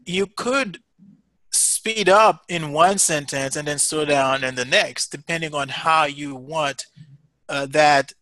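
A man's voice: on the high side, slow pace, pushed and bright, no room sound. A man teaching a class, giving patient, encouraging feedback with many fillers and restarts. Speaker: instructor.

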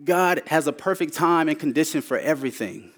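A man preaching a personal testimony in a sermon. He repeats phrases for emphasis, rising to urgent, louder lines and then dropping to hushed ones. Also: a little high, brisk. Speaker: speaker sharing his testimony.

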